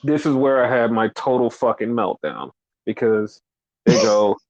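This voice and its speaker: A podcast host with a medium-pitched, slightly mellow voice rants angrily at a normal speed during a casual chat. He swears constantly and mocks with sarcasm, and the lo-fi audio sounds dull.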